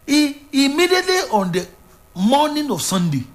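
A man's voice: extremely high pitch, very animated, normal speed. A man preaching a sermon, retelling a Bible story with fervent, dramatic delivery and repeated phrases.

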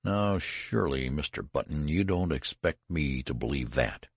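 Storybook registrar, stern and blustering, gravel-voiced, read by a man, very deep. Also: lively intonation, moderate pace, no room sound, clean studio sound, full character voice. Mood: scornful. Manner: scornful, blustering. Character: stern weary male college registrar.

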